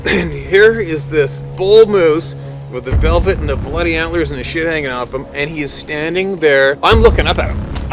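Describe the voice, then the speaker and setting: A man working as a hunting guide, telling a wild story in a casual, animated way and swearing freely. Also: fairly high pitch.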